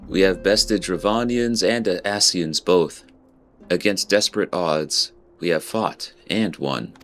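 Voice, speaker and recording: A man reading the lines of a solemn young noble scholar from a game, in a formal, measured way. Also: low-pitched, fairly bright tone, full character voice. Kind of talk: reading game dialogue aloud.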